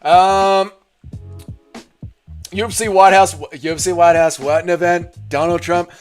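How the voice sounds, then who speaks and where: A man hosting a casual livestream, reading chat aloud, swearing often and excitedly thanking donors. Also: high-pitched, measured pace, smooth, soft background music. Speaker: livestream host.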